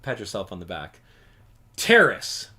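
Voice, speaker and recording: Lively man commenting on gameplay. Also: medium pitch, moderate pace. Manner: chatty, reads game text aloud and reacts. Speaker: video game commentator.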